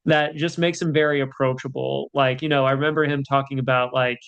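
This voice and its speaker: A man's voice: mid-range voice, little pitch movement, a little fast, creaky, fairly bright tone, clear, resonant tone, muffled recording. A man co-hosting a podcast in casual chat, rambling with lots of fillers. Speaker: podcast co-host.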